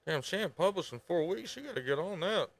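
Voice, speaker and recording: A man streaming and chatting casually while reacting to a video, talking in an animated way, swearing and laughing freely. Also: sits high, brisk.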